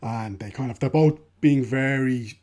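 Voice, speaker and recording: A man's voice: medium pitch, a little slow, darkish tone. A man co-hosting a film podcast, casually retelling a film's plot in a rambling way, with plenty of "kind of" fillers.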